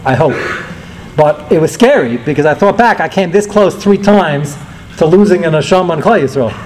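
Male rabbi, fairly high voice, chatty storytelling sermon, faint noise behind. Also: a little mellow, rough recording. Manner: conversational storytelling, sprinkled with Hebrew terms. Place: hall with a live audience.

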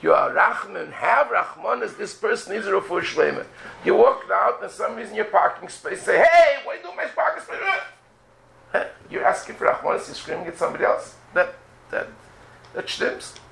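A rabbi delivers a religious lecture in a high, heavily gravelly voice with a bright, tense edge. He fires off rhetorical questions and acts out prayers in his own voice. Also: a little fast, rough recording.

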